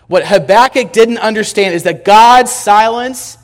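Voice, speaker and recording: Preacher, male, high-pitched, emphatic sermon delivery with questions thrown to the congregation. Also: a little slow, hardly any pauses. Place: church.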